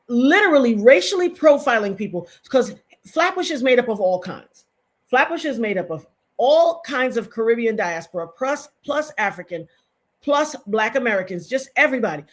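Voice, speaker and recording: A middle-aged woman giving impassioned, emphatic live-stream commentary to her chat, repeating points for stress. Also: a little high.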